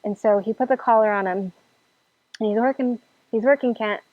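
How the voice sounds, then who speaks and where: A woman's voice: a little high, moderate pace, no echo. A woman casually telling a personal story, acting out her own past reactions with lots of "like" fillers. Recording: dull lo-fi sound, faint music behind.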